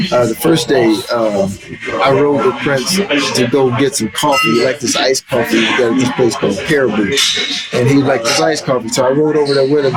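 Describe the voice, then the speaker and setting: A middle-aged man retells stories in an interview, relaxed and animated, with "man" dropped in at every turn. His voice sits at an ordinary pitch. Loud music plays behind him the whole time. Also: poor audio. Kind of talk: casual storytelling.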